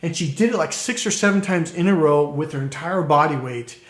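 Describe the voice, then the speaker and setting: A man giving dating coaching in an animated storytelling way, acting out what people said. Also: a little high, a little fast, reverberant. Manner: animated storyteller who acts out quotes. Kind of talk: coaching talk to camera.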